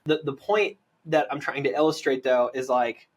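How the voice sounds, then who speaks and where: A man from the United States talks energetically about sales, persuasive and conversational. His voice sits at a middle pitch. He keeps checking in with the listener as he makes his points. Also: moderate pace, slight background noise. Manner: energetic, persuasive, lots of "right?" tag questions. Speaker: land investor, podcast guest.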